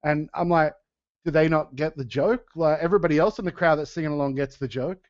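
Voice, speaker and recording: A man's voice: a little high, fairly quick, no room sound. A man chatting casually on a podcast, laughing often and restarting his sentences. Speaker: podcast co-host and metal band singer. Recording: dull lo-fi sound.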